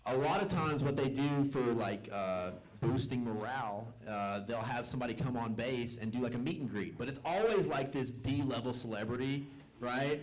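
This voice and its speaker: A man's voice: mid-range voice, normal speed. A young man from the American South doing stand-up in a comedy club, loose and self-mocking as he acts out the people in his stories. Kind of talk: stand-up storytelling.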